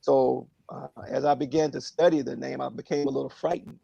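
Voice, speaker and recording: A man speaking earnestly and reflectively on a phone prayer line, in a halting way with many fillers. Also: medium pitch, fairly even intonation, gravelly, warm tone, breathy edge, dry recording, highs cut off.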